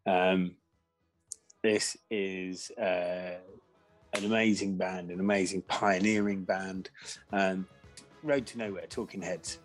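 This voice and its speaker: A man's voice: low-pitched, fairly even intonation, slow, long pauses. A man co-hosting a podcast, chatting casually about music in a rambling, hesitant way. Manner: rambling, hesitant, lots of fillers. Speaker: podcast co-host.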